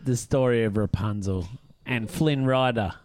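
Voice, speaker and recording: Man, podcast host, casual chat, animated storyteller, middle-aged. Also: unhurried. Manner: animated storyteller, jumps into high voices for quoted people.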